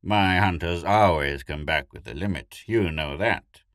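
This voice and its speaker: A man with a deep, dry voice voicing a brisk, proud male hunting guide who talks loudly and eagerly in a storybook reading. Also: dry recording.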